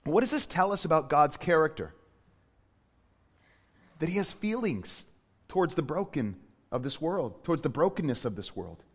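A male pastor giving a sermon, moving between hushed, quiet passages and loud, emphatic preaching. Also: fairly high pitch, very animated, normal speed, long pauses, breathy edge, big-room sound. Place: church.

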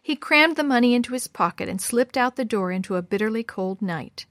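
A woman narrating a storybook in a measured, expressive way. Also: a little high, no echo. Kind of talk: storybook reading.

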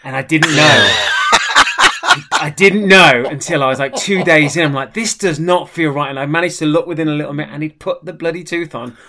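A person telling a story in a casual chat, in an animated way. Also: mid-range voice, a little fast, heavy background noise.

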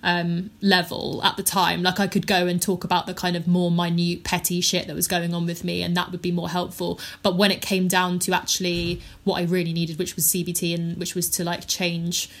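A woman's voice: fairly low pitch, monotone, fairly quick, hardly any pauses. A woman in her twenties, a podcast guest telling her story frankly and upbeat, swearing casually, with lots of "like" and "um". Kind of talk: candid conversational storytelling.

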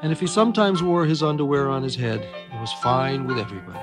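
An older man reading his own children's book aloud, with expressive storytelling. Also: mid-range voice, quick pace. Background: music.

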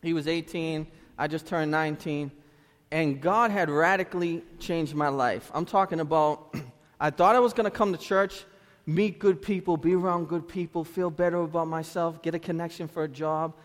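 A man in his thirties from Lynn, Massachusetts, with a Boston-area accent, preaching a sermon as a pastor through animated storytelling with street slang. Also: a little high, moderate pace. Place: church sanctuary. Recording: reverberant church hall.

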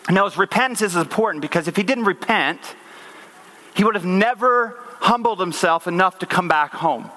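A man's voice: sits high, expressive, normal speed, bright, forceful tone. A man in his thirties preaching a conversational sermon, earnest and full of restarts and rhetorical questions.

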